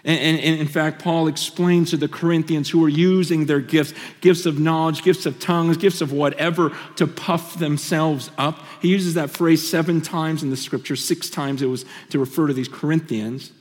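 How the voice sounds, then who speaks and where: Male pastor, fairly high voice, preaching with lively swings from loud to hushed, long hall reverb. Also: normal speed, few pauses. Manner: swings between animated bursts and hushed, intimate storytelling. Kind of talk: sermon.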